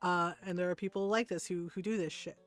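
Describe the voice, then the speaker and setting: A woman's voice: on the low side, steady tone, a little fast, soft background music. A woman streamer chatting casually with her viewers while gaming, telling stories candidly and animatedly, with some casual swearing. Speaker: game streamer.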